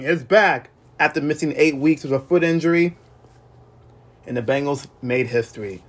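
A man hosting a solo sports podcast, recapping games in an excited, emotional way and often repeating himself. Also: on the high side, normal speed. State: recovering from illness. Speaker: podcast host.

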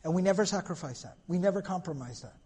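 A man giving a religious history lecture, telling the story in an animated way and quoting Arabic phrases. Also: high-pitched, quick pace, breathy edge. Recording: long hall reverb.

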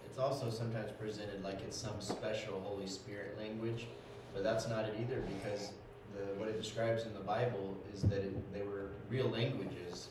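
A man speaks up from the audience in a Bible study, calm and explanatory. He sits far from the microphone, so his lowish voice comes through a heavy echo with clear background noise around it. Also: moderate pace. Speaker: class member. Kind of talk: comment from the audience. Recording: distant voice in an echoey room with noise.

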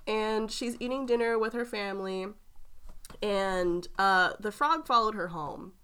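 Woman, casual chat, giggly, animated storytelling, middle pitch. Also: a little slow, clean tone. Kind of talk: casual chat, retelling a fairy tale.

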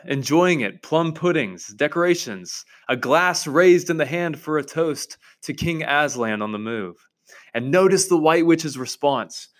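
A man reading aloud from a novel and teaching on it with emphatic enthusiasm. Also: a little high.

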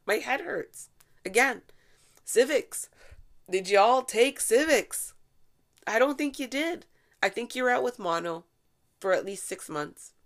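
Woman from Canada, middle-aged, lower voice; opinionated vlog rant, sarcastic, salty, flares up loud. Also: moderate pace, vocal fry. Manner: animated, sarcastic, swears freely, bursts into shouting. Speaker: vlogger. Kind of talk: opinionated solo commentary.

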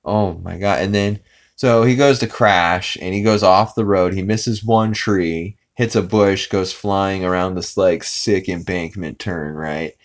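A man with a very low voice casually recapping a cartoon episode for his podcast. He rambles and stays animated throughout. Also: a little slow. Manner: rambling and animated, acts out character lines. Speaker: podcast host.

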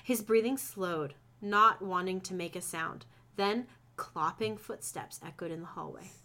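A woman reads fan fiction aloud with friends in a bright, sharp voice. She keeps breaking off to joke and laugh between the lines. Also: lowish voice, unhurried. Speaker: reader.

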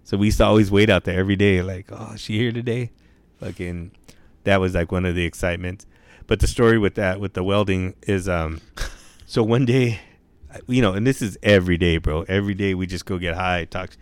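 A young man with a smooth, somewhat low voice tells stories in a relaxed, slangy way, swearing freely and peppering his talk with "bro" and "dude". The sound is close and dry, with no room echo. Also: a little fast. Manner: laid-back slang, heavy swearing, lots of "bro" and "dude". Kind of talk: casual storytelling chat.

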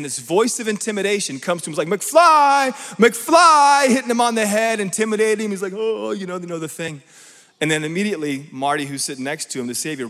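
Animated preacher in a reverberant hall. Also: male voice, a little high. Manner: animated, asks the crowd "right?" often. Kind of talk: sermon.

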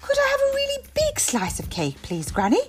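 A woman's voice: very high voice, huge pitch swings, fairly quick, pitched above the performer's own voice, full character voice. A woman voicing a cheerful little girl pig in a storybook read aloud. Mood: happy.

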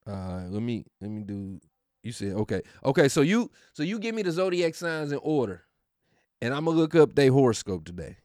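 A man's voice: medium pitch, sing-song, moderate pace, darkish tone, dry recording, clean studio sound. A man hosting a podcast in a casual, profane rant, mocking and often laughing. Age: adult. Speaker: podcast host.

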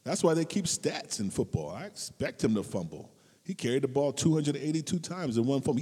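Animated preacher in an echoey hall. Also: male voice, a little fast, husky. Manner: animated, swings between loud high outbursts and low asides, laughs often. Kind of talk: casual sermon with humor.

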